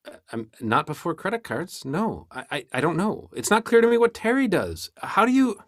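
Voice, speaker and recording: A man improvising an exasperated accountant neighbor, deadpan and stammering in a comedy scene. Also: high-pitched, moderate pace, dry recording, clean studio sound. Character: exasperated middle-aged accountant neighbor Marcus. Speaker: improv performer.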